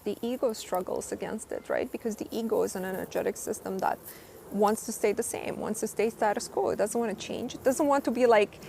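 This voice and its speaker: Emphatic woman with a gravelly voice. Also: on the high side, a little fast, darkish tone, a little hiss or hum. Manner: earnest, emphatic, repeats points with "right?". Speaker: manifestation coach. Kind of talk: live-stream Q&A, reading comments.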